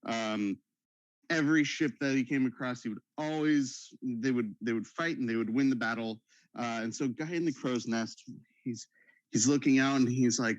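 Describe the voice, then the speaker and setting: A man in his thirties, a father, telling long dad jokes in a relaxed chat on a video call. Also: medium pitch, normal speed, no echo, lo-fi sound. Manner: jokey storyteller, full of dad jokes. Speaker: guest artist.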